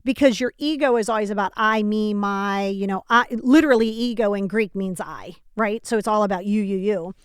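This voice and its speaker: A woman's voice: medium pitch, brisk, hardly any pauses, smooth, dry recording, studio quality. A woman hosting a self-help podcast from home, talking casually and emphatically straight to the listener, often asking rhetorical questions. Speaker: podcast host.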